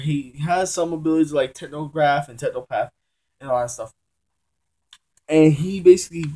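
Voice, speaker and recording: Speaking from his room while in the middle of a move, a young man chats casually about a comic book. His warm voice is on the high side, and he rambles in loose slang with frequent self-corrections.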